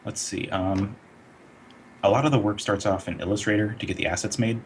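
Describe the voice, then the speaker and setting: A man working as an animator, answering questions in a casual online interview in a relaxed, explanatory way with many fillers. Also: lowish voice, a little fast, slight background noise.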